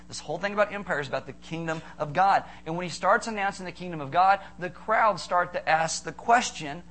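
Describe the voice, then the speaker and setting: A man's voice: sits high, a little hiss or hum. A man preaching a sermon, firing off rhetorical questions and joking with the congregation. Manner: animated, rhetorical questions, playful asides to congregation. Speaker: pastor.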